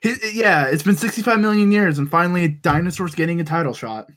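Male co-host, a bit high-pitched, laid-back and wry in his recaps. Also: quick pace, fairly bright tone. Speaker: podcast co-host. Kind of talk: casual chat.

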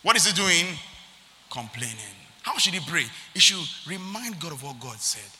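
Bright, high-voiced preacher. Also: male voice, very animated, normal speed, long reverb tail. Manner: emphatic, repetitive, reading scripture aloud. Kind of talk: sermon.

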